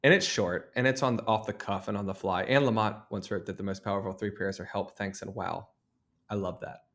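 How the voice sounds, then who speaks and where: A man's voice: fairly low pitch, steady tone, a little fast, a bit bright. A man in his thirties, an author and guest, telling a story in an earnest, reflective way. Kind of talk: conversational interview.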